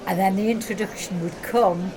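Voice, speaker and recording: A woman's voice: medium pitch, steady tone, moderate pace, heavy background noise. An older woman with a Cumbrian accent fondly reminiscing in an interview, often laughing. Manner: fond, laughing recollection. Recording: loud music and crowd behind.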